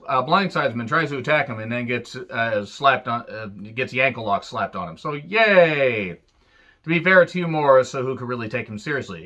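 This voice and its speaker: Sarcastic guy swearing through a wrestling review, sharp tone, kinda muffled audio. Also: medium pitch. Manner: sarcastic, profane, jokey asides. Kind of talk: casual recap commentary.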